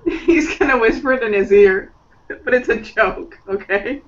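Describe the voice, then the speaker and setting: This man's voice is high, a little slow and a bit bright. He's a player in an online tabletop role-play, describing his character with lots of fillers and frequent laughter, heard through muffled voice chat from a distance.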